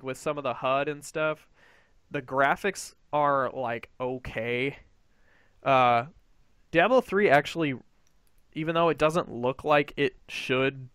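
Brief: man, gaming podcast host, excitable, swears, smooth dry close-mic voice. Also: medium pitch, dry recording. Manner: excitable, swears freely, acts out quotes. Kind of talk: casual gaming podcast chat.

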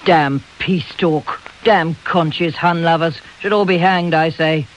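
Cast a reader as a gruff, booming old man, red-faced and bad-tempered, for a storybook. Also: fairly even intonation, slow pace, a little hiss or hum, natural voice. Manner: barking, booming.

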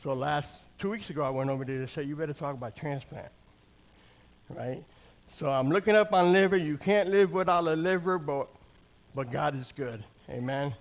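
Here an older man speaks at a fairly high pitch and moderate pace, giving a plain-spoken sermon built around his personal testimony. Checking in with the congregation through repeated "amen?" and "right?", he frequently starts his phrases over.

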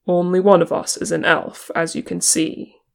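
A reader voicing a grave, steady male ranger leader, speaking calmly and with measure in an audiobook. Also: medium pitch, creaky. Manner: calm, measured. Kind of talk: audiobook character reading.

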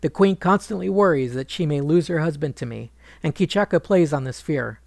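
A man voicing a proud queen who is furious and grieving, speaking bitterly in his gravelly storytelling voice. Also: a little high, brisk, darkish tone, no echo, clean studio sound. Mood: bitter, pleading. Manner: bitter, accusing speech.

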